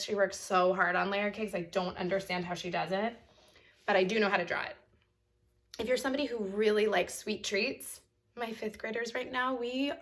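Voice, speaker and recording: A woman's voice: medium pitch, fairly bright tone. Young woman, art teacher, chatty and encouraging, talks kids through drawing, drifts off topic. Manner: chatty, encouraging, easily sidetracked. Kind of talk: online drawing lesson for kids.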